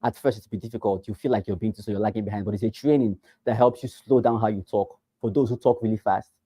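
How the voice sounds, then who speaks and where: A man teaching real estate agents, who talks fast and with emphasis and repeats phrases to drive them home. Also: on the low side, fairly even intonation, mellow, slightly rough, dry recording. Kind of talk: teaching a class.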